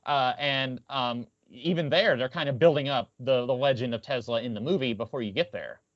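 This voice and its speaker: This co-host speaks a little fast in a medium-pitched voice, rambling casually about a film on his podcast. He wings it with frequent restarts, and the sound is dull, lo-fi and dry with no echo.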